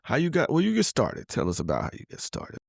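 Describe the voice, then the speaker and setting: A man's voice: fairly high pitch, huge pitch swings, quick pace, gravelly, husky, no room sound, clean studio sound. A man hosting a podcast interview, talking in a loose, slangy, rambling way with many fillers. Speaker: podcast host. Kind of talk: casual interview chat.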